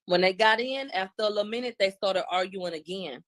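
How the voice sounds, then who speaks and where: Woman running through court testimony, chatty and animated, slangy delivery. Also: medium pitch, brisk. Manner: animated retelling in loose slangy speech. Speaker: commentator recapping court testimony. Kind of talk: casual spoken recap.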